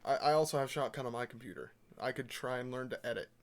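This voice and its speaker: A man's voice: medium pitch, steady tone, quick pace. A man co-hosting a casual podcast, laid-back, laughing along and chiming in. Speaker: podcast co-host. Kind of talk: casual chat.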